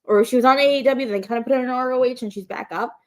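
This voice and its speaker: A woman co-hosting a live wrestling call-in show, chatting excitedly with lots of fillers and the odd swear. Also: high voice, very fast. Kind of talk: casual chat. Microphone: livestream microphone.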